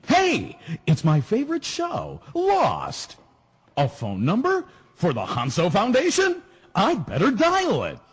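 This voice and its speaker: An actor playing a tipsy, goofy male sidekick announcer who gives a wide-eyed comic recap with sudden shouts. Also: high voice, husky, full character voice.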